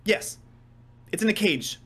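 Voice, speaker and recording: A man's voice: unhurried, pushed and bright. A man narrating a tabletop role-playing game as game master, briefly slipping into the voices of the people in the scene.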